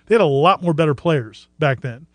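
A man co-hosting a sports talk show, explaining points in a measured way with frequent restarts. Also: on the high side, lively intonation, no room sound. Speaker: co-host and team analyst.

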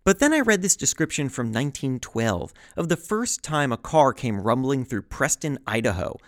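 A man hosting a scripted podcast, narrating with a lively, wry, chatty delivery. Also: medium pitch, moderate pace, dry recording, clean studio sound. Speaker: podcast host.

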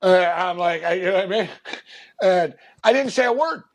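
Guy rambling through a story on a sports podcast, kinda high voice, lots of um and like. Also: lively intonation, moderate pace. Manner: rambling, lots of fillers, acts out quotes. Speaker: podcast co-host. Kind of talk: casual storytelling.

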